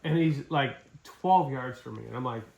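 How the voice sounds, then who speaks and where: A middle-aged man from Wisconsin telling a hunting story in casual, animated talk. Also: medium pitch, moderate pace, gravelly. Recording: echoey room.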